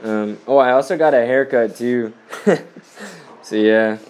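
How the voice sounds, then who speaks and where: A man's voice: mid-range voice, measured pace, darkish tone, smooth. Young man rambling with lots of "like"s. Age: young adult. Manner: rambling, heavy use of "like", laughs often. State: slightly stuffy from a cold. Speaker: missionary. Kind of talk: casual spoken update to family.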